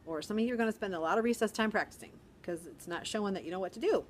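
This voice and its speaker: A middle-aged woman teacher talks casually to her camera from a quiet corner of a school, chatty, with a dry sarcastic streak. Soft noise hums faintly behind her voice. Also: medium pitch. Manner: chatty, sarcastic humor, quick laughs. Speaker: first grade teacher. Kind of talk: casual vlog chat.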